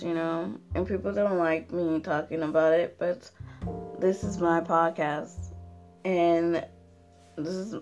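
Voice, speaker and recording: A young woman hosting her own podcast, ranting casually with lots of fillers and swearing, sounding tired. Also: on the low side. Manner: rambling, profane, frequent fillers. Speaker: podcast host. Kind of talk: casual solo rant.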